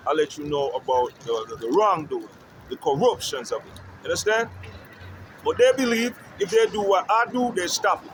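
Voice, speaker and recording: A musician talking straight to camera on a city street, emphatic and repetitive, often checking that the listener understands. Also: male voice, sits high, expressive, moderate pace, slight background noise, rough recording. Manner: emphatic, repetitive, keeps asking "you understand?". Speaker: musician promoting his music. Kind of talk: street-side vlog rant.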